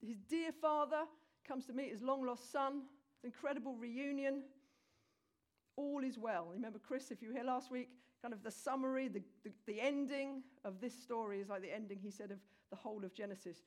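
A woman with a voice on the high side preaches a sermon, retelling a scripture story in a lively, conversational style and speaking straight to the congregation.

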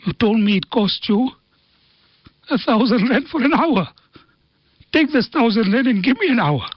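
Earnest radio guest. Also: male voice, extremely high pitch, expressive, moderate pace, husky, no echo. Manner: earnest storytelling with Arabic quotations. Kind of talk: radio talk on faith and family. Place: radio studio. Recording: dull dry radio studio sound.

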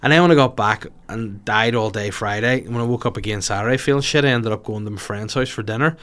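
Northern irish guy in his 30s ranting on a podcast, lowish voice, swears a lot. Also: fast, a bit bright. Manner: rambling, sweary, self-mocking. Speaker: podcast host. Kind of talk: casual comic rant.

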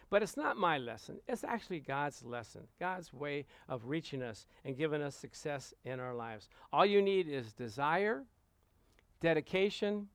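A man's voice: fairly high pitch, fairly bright tone, no echo. A male pastor preaching and leading prayer with fervent repetition, calling out to his listeners for an amen. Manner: fervent, repeats phrases, calls out "Amen?". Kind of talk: sermon and prayer.

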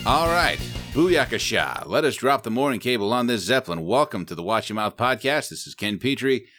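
A man's voice: mid-range voice, sing-song, a little fast, over music. A man hosting a podcast from a remote setup, joking around in casual banter and swearing freely. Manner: profane, joking. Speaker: podcast host.

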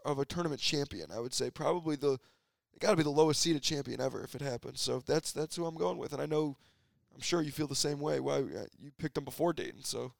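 A man co-hosts a podcast in a laid-back, hesitant way. His voice has plenty of gravelly fry. The recording is dry and close. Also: fairly high pitch, no room sound. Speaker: podcast co-host. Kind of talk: casual podcast chat.

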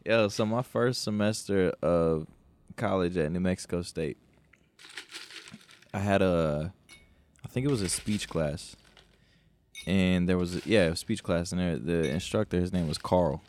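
A man's voice: low-pitched, measured pace, pauses often, darkish tone, slight background noise. A young man co-hosting a podcast, telling a profane, laid-back story with frequent laughter. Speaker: podcast co-host. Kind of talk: casual storytelling chat.

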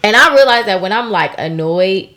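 A woman co-hosting a podcast in casual chat, with a stern, sharp way of talking. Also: medium pitch, animated, moderate pace. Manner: self-described stern, sharp tone. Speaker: podcast co-host.

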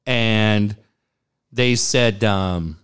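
An animated man tells a personal story in casual conversation. He acts out the other people in the story, and his voice leaps up sharply when he quotes them. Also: very slow, clean tone. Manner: animated, acts out quotes with big pitch jumps. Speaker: guest telling a personal story.

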